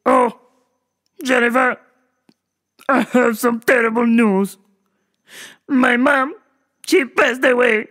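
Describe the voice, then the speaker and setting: A woman imitating an odd male customer who speaks slowly, loudly and in stilted, formal sentences. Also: extremely high pitch, steady tone, voice pushed up, exaggerated voice. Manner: slow, stilted, overly formal.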